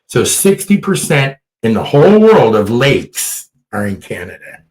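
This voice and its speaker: A man's voice: medium pitch, measured pace, echoey room, low-quality recording. A man with a mid-range voice hosts a laid-back podcast. He talks in a crude, joking way and tells stories with lots of energy. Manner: crude, joking, animated storyteller. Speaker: podcast host. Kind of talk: casual podcast chat.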